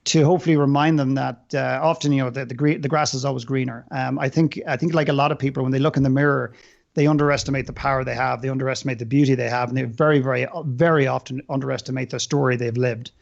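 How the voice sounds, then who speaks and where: A man's voice: medium pitch, fairly even intonation, quick pace, gravelly, dull audio. An Irish man, a podcast guest, speaking earnestly and inspirationally, often repeating words as he builds a point. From Ireland. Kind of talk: inspirational interview talk.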